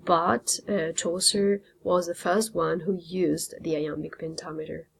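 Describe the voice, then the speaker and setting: A woman's voice: fairly low pitch, steady tone, unhurried, gravelly, slight background noise. A woman teacher, a native Italian speaker, explaining a literature lesson step by step with frequent ums. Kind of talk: classroom lecture.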